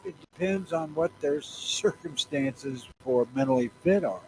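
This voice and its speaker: A man's voice: fairly high pitch, measured pace, a little mellow, a little hiss or hum, poor audio. A man co-hosting a casual podcast, cutting in with wry, sardonic remarks. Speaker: podcast co-host.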